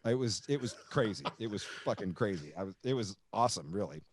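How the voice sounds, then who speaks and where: A man's voice: lowish voice, brisk, slight background noise. A man hosting a podcast, telling a road story in a loose, profane way and acting out the voices of the people in it. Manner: profane, animated, acts out quoted voices. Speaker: podcast host and guitarist. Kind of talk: casual storytelling.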